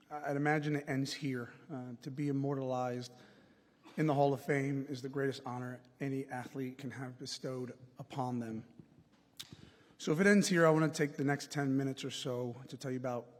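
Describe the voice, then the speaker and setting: Man giving a speech in an echoing hall. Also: medium pitch. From United States. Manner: earnest, with frequent fillers and restarts. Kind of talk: prepared acceptance speech. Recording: long reverb of a large hall.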